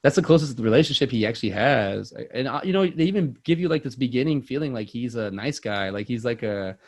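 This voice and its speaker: A man's voice: medium pitch, animated, brisk, no echo. A man co-hosting a movie podcast, chatting casually and rambling with many fillers and restarts. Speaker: podcast co-host.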